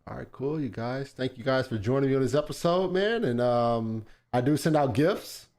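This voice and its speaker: A man hosting an online debate show, relaxed and casual, often tagging his sentences with "man". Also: medium pitch, moderate pace.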